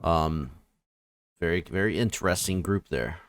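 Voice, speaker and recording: Lower-voiced man, dry wry podcast chat. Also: measured pace, no room sound. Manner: wry, conversational, reacts with short asides. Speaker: podcast co-host. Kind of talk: casual chat.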